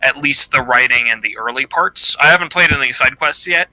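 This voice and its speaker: A man co-hosting a casual podcast, speaking hesitantly with many pauses and fillers. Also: mid-range voice, bright, forceful tone, low-quality recording. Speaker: podcast co-host. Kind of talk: casual live-stream chat.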